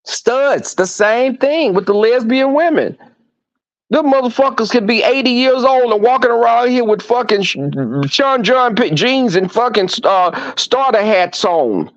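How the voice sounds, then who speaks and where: High-voiced animated man, dull dry sound. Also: unhurried, dry recording. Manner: animated, profane, campy storytelling. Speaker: livestream host. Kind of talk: casual chat with viewers. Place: home.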